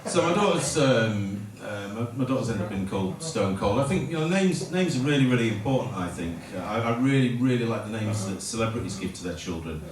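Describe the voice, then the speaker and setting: Middle-aged comedian, low, rambling. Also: male voice, animated, brisk, few pauses, crowd noise. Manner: rambling, self-interrupting delivery with dry punchlines. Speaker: stand-up comedian. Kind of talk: stand-up comedy set. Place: pub function room at a comedy night. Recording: echoey pub room, from a distance. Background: audience laughter and room noise.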